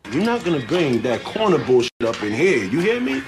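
An actor playing a hard-nosed drug boss with a Baltimore accent, commanding and profane. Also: male voice, medium pitch, very animated, brisk, close to an everyday voice.

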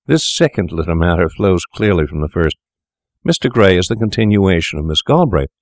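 A man reading aloud, voicing a calm, persuasive young male doctor who coaxes his shaken friend in a smooth, menacing tone. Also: low-pitched, brisk, no room sound, clean studio sound. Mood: coaxing.

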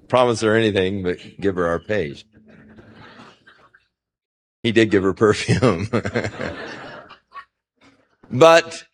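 Man preaching in a folksy, storytelling way. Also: medium pitch. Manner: folksy, anecdotal, chuckles at his own stories. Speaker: pastor. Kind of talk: conversational Bible-teaching sermon.

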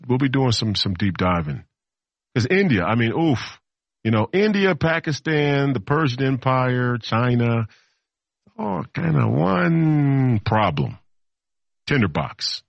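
A man's voice: mid-range voice, vocal fry, no echo, highs cut off. A man in his thirties hosting a political talk show, delivering a rambling monologue that repeats itself, with mocking asides. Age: 30s.

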